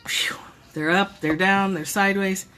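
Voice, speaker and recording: A woman's voice: mid-range voice, fairly even intonation, unhurried, bright, forceful tone. Woman, home live-stream host, mid-range voice, reflective and loose, noisy phone recording. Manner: musing, self-correcting, laughs easily. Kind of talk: casual reflective chat. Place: home room. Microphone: propped-up phone or camera.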